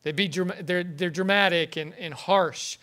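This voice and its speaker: A man preaching a sermon in an earnest, halting way, often repeating words as he goes. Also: high-pitched, sharp tone. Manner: earnest, halting, with frequent word repetitions.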